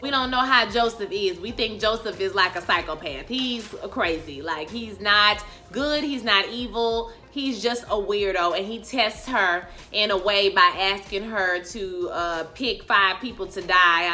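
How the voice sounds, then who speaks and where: A woman recapping a TV episode in slangy casual chat, calling her viewers y'all and loudly acting out the characters' lines. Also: medium pitch. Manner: animated, acts out characters' lines with loud outbursts. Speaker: TV recap vlogger.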